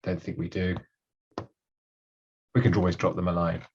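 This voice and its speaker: A man's voice: low voice, level tone, moderate pace, gravelly, slightly rough. A man in an online discussion, thoughtful and tentative. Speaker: participant in discussion. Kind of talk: casual discussion on a call. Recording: dull lo-fi call audio.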